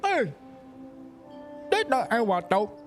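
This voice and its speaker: A man's voice: very high voice, very animated, takes it slowly, soft background music, pitched above the performer's own voice, exaggerated voice. A man impersonating a young woman friend with a Southern US accent who protests in an indignant, defensive tone.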